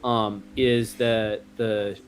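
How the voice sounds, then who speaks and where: A man's voice: lowish voice, level tone, very slow. A man on a casual panel chat, giving his opinion with hesitations and restarts. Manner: hesitant, lots of ums and restarts. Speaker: panel guest.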